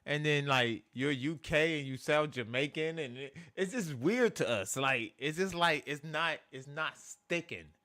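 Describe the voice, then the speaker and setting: A man's voice: on the high side, a little slow, few pauses, sharp tone. An American man streaming reactions to rap videos, talking loosely with lots of "like" and "bro". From United States. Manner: loose, rambling, heavy filler "like" and "bro". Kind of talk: casual reaction commentary.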